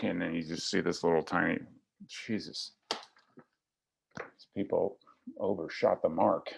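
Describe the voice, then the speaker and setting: A man's voice: deep voice, steady tone, a little slow, creaky, long pauses, fairly bright tone, slightly rough. A middle-aged man telling his personal recovery story to a meeting, in a wry, self-deprecating, joking way. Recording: slightly lo-fi recording.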